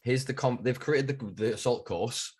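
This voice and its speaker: A man's voice: mid-range voice, normal speed, darkish tone, slightly rough. A man with a Northern English accent hosting a podcast, talking with passion and emphasis and swearing freely. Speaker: podcast host. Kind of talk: casual podcast conversation.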